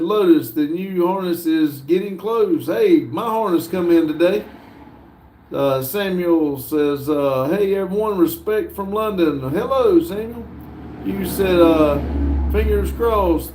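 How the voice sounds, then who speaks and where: A man's voice: on the high side, a little mellow. Laid-back man reading chat, roomy echo. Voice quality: laid-back, chuckles often between messages. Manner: unhurried, with frequent "uh" fillers. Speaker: livestream host. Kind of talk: casual livestream, reading viewer chat aloud.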